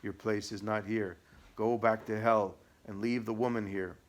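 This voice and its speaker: A man's voice: lowish voice, little pitch movement, normal speed, a little hiss or hum, lightly acted. A man reading the part of a stern, commanding exorcist priest in an audiobook. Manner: firm, commanding.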